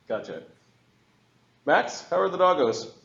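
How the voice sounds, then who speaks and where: Relaxed male host and game master, chatty and quick to laugh, on a slightly muffled, roomy mic. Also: high-pitched, vocal fry. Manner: easygoing, laughs often. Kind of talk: casual chat opening a tabletop game stream.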